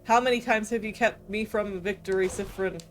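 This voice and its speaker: A woman voicing a cruel male tyrant king in a video game, speaking slowly and tauntingly. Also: medium pitch, fairly even intonation, faint music behind, close to an everyday voice. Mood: gloating. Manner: slow, taunting, threatening. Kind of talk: reading a video game aloud with voices.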